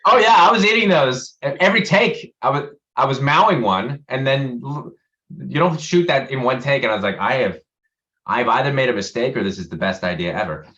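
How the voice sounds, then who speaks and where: A man's voice: mid-range voice, lively intonation, fairly quick, bright, forceful tone. A man, an actor being interviewed, chatting casually over a video call, rambling, restarting his sentences and laughing easily. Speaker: actor guest. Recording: dull lo-fi video call audio.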